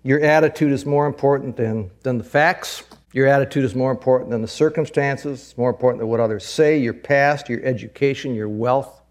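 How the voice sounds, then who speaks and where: A man's voice: medium pitch, a little fast, hardly any pauses. A male pastor preaching a sermon in an earnest, conversational way, often repeating words.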